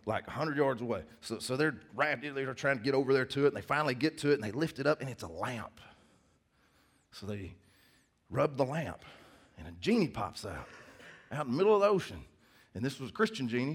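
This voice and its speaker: A male pastor preaching a sermon in church, in a conversational, joking storytelling manner. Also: mid-range voice.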